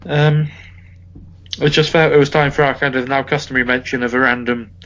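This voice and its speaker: A man's voice: medium pitch, steady tone, brisk, a bit bright, slight background noise. Rambling man on a lo-fi podcast. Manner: rambling, many fillers and restarts. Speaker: podcast co-host. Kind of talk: casual football chat. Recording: dull lo-fi podcast audio.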